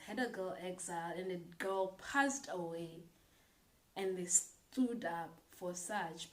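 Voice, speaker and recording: Young South African woman, South African accent, blunt and profane, impassioned casual vlog talk, lowish voice. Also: darkish tone, roomy sound, poor audio. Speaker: vlogger.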